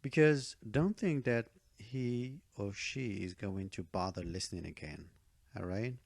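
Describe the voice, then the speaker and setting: Male test-prep teacher, low gravelly voice, emphatic, keeps checking in with the viewer. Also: unhurried, no room sound, clean studio sound. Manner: emphatic, checks in with "okay?" and "all right?"; repeats key advice for emphasis. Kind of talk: online speaking-test tutorial.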